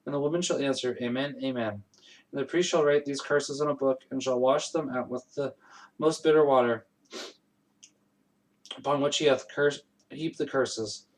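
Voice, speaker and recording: A man reading the Bible aloud in a plain, steady way, with frequent slips and self-corrections, his voice still strained from allergies. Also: mid-range voice, moderate pace, pauses often, poor audio. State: recovering voice after allergies. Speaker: Bible reader.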